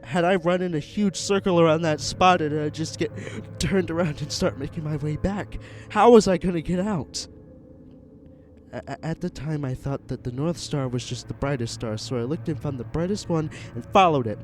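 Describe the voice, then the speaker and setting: A man narrating a first-person horror story in an earnest, halting way, with small restarts. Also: fairly high pitch, slight background noise. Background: music.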